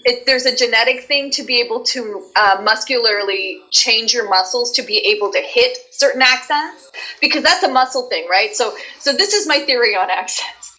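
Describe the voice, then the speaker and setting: A woman's voice: on the high side, moderate pace, bright, forceful tone, poor audio. A Canadian woman with a Canadian accent, a voice actress chatting animatedly as a guest in an interview and laughing often. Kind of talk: casual interview chat.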